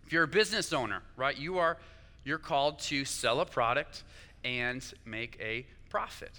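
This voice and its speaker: Bright-voiced young man preaching in a hall. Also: mid-range voice, normal speed. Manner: conversational, keeps asking "right?". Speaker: pastor. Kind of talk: sermon.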